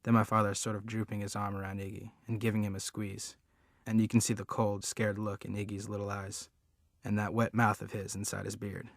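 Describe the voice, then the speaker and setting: A man narrating an audiobook in a plain, measured storytelling manner. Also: lowish voice, level tone, gravelly, no room sound, clean studio sound. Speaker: audiobook reader. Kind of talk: scripted narration.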